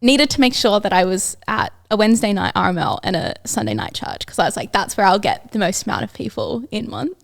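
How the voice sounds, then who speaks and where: A woman's voice: mid-range voice, lively intonation, brisk, vocal fry, hardly any pauses. A young Australian woman in her twenties, a podcast guest telling stories in a chatty way and saying "like" all the time. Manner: chatty storyteller, says "like" constantly. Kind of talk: casual chat. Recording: audio-only podcast.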